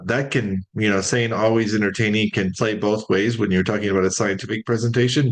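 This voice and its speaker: A man's voice: fairly low pitch, poor audio. A man with a cold and a strained voice, hosting a webinar in a joking, informal way with many fillers. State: losing his voice from a cold. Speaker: webinar host. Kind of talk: casual webinar introduction.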